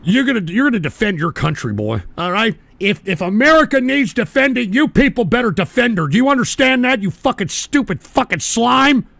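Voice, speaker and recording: An older man hosting a live show, hurling profane, shouting tirades at his chat. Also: very high voice, sing-song, brisk, gravelly, hardly any pauses, no room sound. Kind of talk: ranting live-stream talk.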